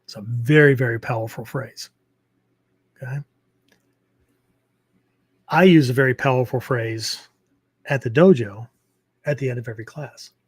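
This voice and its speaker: A man's voice: mid-range voice, measured pace, pauses often, slightly rough, no room sound. A man hosting a martial arts podcast, explaining ideas in a loose, rambling way with many fillers and frequent "okay?" check-ins. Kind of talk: casual teaching talk.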